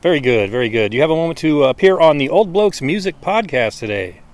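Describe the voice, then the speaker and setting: An upbeat man stops strangers on the street with quick, friendly questions, laughing easily between them. His voice sits a bit high and swings lively in pitch. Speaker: street interviewer. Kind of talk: casual street interviews. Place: outdoors on a street.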